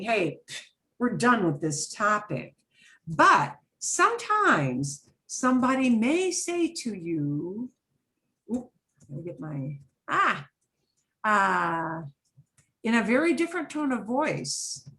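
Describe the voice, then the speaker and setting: A woman's voice: medium pitch, big pitch swings, slow pace, sharp tone. A middle-aged woman teaching a Spanish class, acting out example phrases with lots of expression. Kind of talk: online class lesson.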